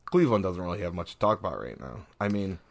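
A man's voice: sits low, very animated, fast talker, creaky. A man co-hosting a casual sports podcast, rambling with lots of fillers and restarts. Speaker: podcast co-host.

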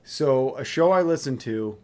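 A man's voice: mid-range voice, expressive, unhurried, crowd noise. A man, co-hosting a casual podcast, swearing constantly and acting out quotes in his stories. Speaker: podcast co-host. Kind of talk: casual profane chat among friends.

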